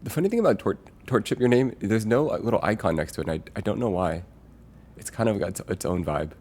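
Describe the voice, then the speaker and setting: On a live stream, a man with a very low, expressive voice talks fast and casually, rambling and musing aloud with lots of filler words. He reads viewers' messages aloud as he goes, with faint noise beneath his voice.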